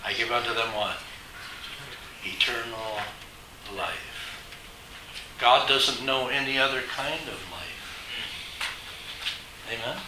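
A man with a mid-range voice preaches a sermon to his congregation, emphatic and posing rhetorical questions. The mic is distant, with background noise and the echo of a hall.

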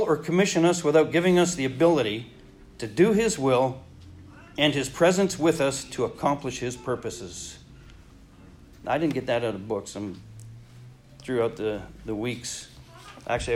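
A man preaching a sermon in an earnest way, pausing and restarting, his voice dropping soft when he turns reflective. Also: medium pitch, a little hiss or hum.

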